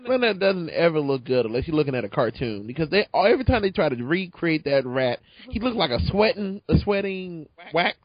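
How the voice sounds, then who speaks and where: A man's voice: a little high, big pitch swings, fairly quick, hardly any pauses, no room sound, dull audio. A man co-hosting a podcast, joking and making vivid comparisons about a movie. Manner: jokey, uses vivid comparisons. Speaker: podcast co-host. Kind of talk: casual movie review chat.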